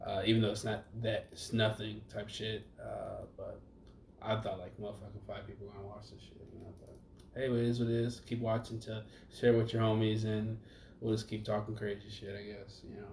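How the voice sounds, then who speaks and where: A man's voice: fairly low pitch, flat delivery, fairly quick, vocal fry, darkish tone. A young man co-hosting a casual podcast, rambling and profane, trailing off mid-thought. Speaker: podcast co-host. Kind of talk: casual chat. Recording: echoey room, faint background noise.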